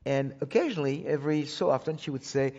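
A man's voice: a little high, fast talker, a little mellow. A man giving a sermon as a personal story, talking conversationally with frequent restarts and repeated words. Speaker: Bible teacher speaking to a congregation. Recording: dull recording with long hall reverb.

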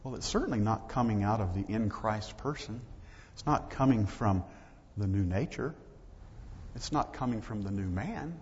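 Male pastor, low voice, conversational sermon delivery, lo-fi recording with long reverb. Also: expressive, moderate pace. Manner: conversational preaching with acted-out dialogue. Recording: dull lo-fi audio with long hall reverb.

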